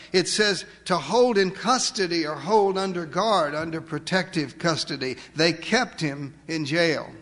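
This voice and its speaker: A man preaching a sermon, emphatic, asking rhetorical questions and slowing down to stress key words. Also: high voice, a bit bright, in a large hall. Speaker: pastor.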